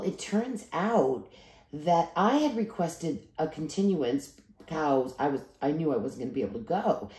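A woman's voice: low-pitched, a little mellow. A tired woman from the East Coast, rambling through a personal vlog with many restarts and asides. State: tired after travel. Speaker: vlogger. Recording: echoey room.

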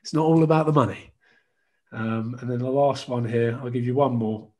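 A man's voice: mid-range voice, normal speed, warm tone. A man on a podcast panel, chatting casually and mockingly reading out online comments about himself. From Scotland. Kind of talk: casual chat.

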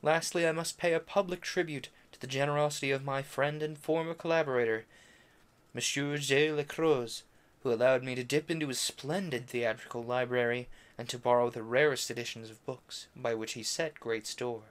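A man reads a classic novel aloud on a stream in casual narration, tripping over French names, correcting himself, and adding brief offhand asides between passages. His mid-range voice is smooth and steady, at a moderate pace.

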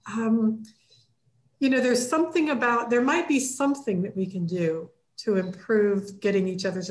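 Woman, church class leader, casual teaching, lively quoted asides, echoey room. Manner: conversational, acts out quoted lines with animated jumps in pitch.

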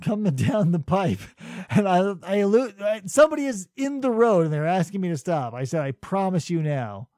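A man's voice: high-pitched, very animated, moderate pace, hardly any pauses, dark tone, dry recording. A man co-hosting a casual comedy podcast, telling a story with dry, mock-logical reasoning. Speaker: podcast co-host.

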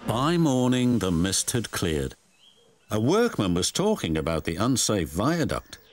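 A man narrating a children's storybook, expressive and lively. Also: on the low side, unhurried. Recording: music bed under voice.

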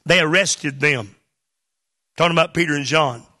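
Male pastor, high ringing voice, emphatic preaching with shouted peaks. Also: normal speed. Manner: preaching with rising emphatic bursts and exclamations. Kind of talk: sermon. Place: church hall.

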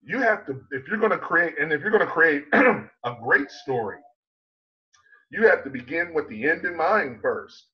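A man with a slightly high voice and big pitch swings coaches public speaking in an online conference talk. Emphatic and fond of rhetorical questions, he slows down on key points, and the audio is dull.

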